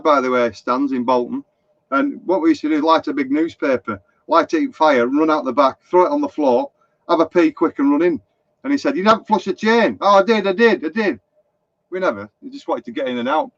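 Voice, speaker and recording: On the high side and a bit bright, with vocal fry, this Lancashire man's voice comes through a dull, lo-fi live stream with no room sound. A motorhome vlogger from England, he chats in a rambling way, telling anecdotes and reading viewer comments aloud.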